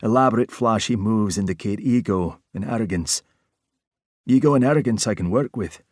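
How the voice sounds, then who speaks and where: A man's voice: lowish voice, moderate pace, no echo, lightly acted. A man with a Scottish accent voicing a suave, flirtatious middle-aged fire investigator with a dry, teasing manner. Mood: measured.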